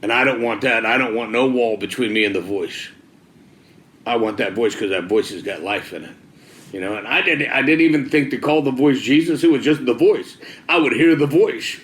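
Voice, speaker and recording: A man's voice: medium pitch, moderate pace, fairly bright tone. Ex-biker man sharing his testimony, laid-back and slangy, recorded in a reverberant room. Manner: casual, slangy, peppered with "dude" and "man". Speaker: former biker giving a church testimony. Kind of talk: personal testimony storytelling.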